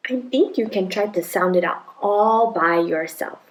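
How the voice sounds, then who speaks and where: A woman playing a mother in a demonstration skit, gently coaching her child to sound out words step by step. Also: medium pitch, measured pace, natural voice, poor audio. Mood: encouraging. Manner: gently encouraging, prompting step by step. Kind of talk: acted parenting demonstration skit.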